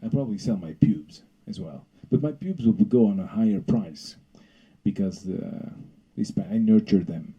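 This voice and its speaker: A man doing a rambling, deadpan stand-up comedy bit. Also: lowish voice, moderate pace, slightly rough, lo-fi sound.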